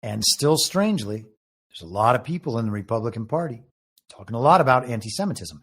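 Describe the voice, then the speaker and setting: A man hosts a political commentary show. His voice sits at a middle pitch, and he reads out headlines and muses over them in a wry, speculative tone. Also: lively intonation, quick pace, fairly bright tone, slightly rough. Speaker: show host and moderator. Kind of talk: political commentary, reading out news.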